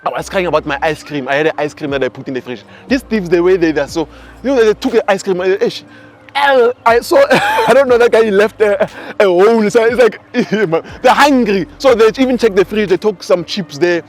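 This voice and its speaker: A man in his twenties with a South African accent, giving a casual, animated spiritual teaching talk. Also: sits high, a little fast. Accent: South African English. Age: 20s. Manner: animated storyteller.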